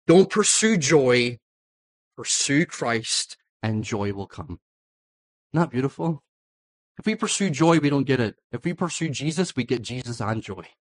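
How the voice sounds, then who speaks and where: A man preaching a church sermon, earnest and pleading, slowing down on key phrases and building to loud climaxes. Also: mid-range voice. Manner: impassioned, pleading, voice rising to climaxes. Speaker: pastor.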